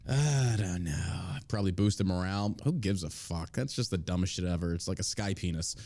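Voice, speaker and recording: This crude comedy podcast host has a low, mellow voice and a moderate pace. He curses often, mocks current events, and shifts into ridiculous put-on accents for comic effect.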